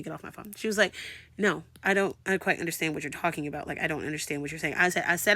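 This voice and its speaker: A woman in her thirties telling a casual storytime vlog, animated and slangy, acting out both sides of each conversation. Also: fairly low pitch, racing, no room sound. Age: 30s. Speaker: vlogger.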